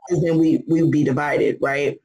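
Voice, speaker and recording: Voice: medium pitch, steady tone, normal speed, darkish tone, breathy edge, dull audio. A co-host casually talking over scripture, reasoning aloud with fillers and questions. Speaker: podcast co-host discussing scripture. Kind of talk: casual Bible discussion chat.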